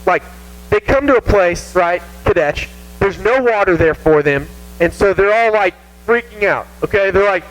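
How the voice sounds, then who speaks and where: Southern man, youth pastor, high lively voice, casual self-mocking sermon, faint hum. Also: moderate pace, low-quality recording. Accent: Southern American. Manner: animated, self-mocking, acts out whiny voices. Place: church youth room.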